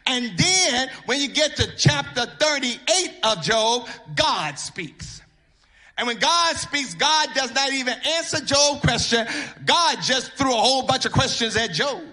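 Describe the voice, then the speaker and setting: A man preaching a sermon, half-chanting his lines, repeating words for emphasis and building up to shouts. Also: very high-pitched, expressive, measured pace. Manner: intoning and chanting, rising to shouts.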